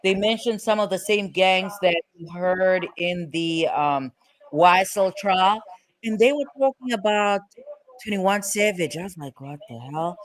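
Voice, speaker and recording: High pitched guy hosting, rambly and casual, lots of ums. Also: a little slow. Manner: chatty, rambling with fillers and restarts. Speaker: host. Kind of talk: casual commentary on court cases.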